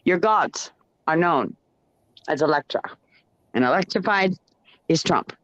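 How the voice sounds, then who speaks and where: A man's voice: fairly high pitch, lively intonation, a little slow, fairly bright tone, no room sound. Man in a profane rambling rant. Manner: rambling, profane, chanting and sing-song. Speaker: ranting monologuist. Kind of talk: profane stream-of-consciousness rant. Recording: dull lo-fi dry recording.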